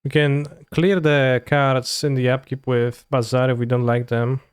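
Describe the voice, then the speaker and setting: Male streamer, casual muttered play commentary, smooth voice, dead-dry sound. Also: mid-range voice, little pitch movement, measured pace, dry recording. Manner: muttering to himself, loose and offhand, trailing off. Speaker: streamer playing a card game.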